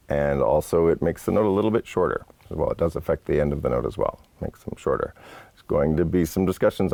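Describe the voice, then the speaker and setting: Deep gravelly man teaching horn. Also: warm tone, dry recording. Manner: patient, explanatory, casual asides. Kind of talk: instructional lesson. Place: studio set.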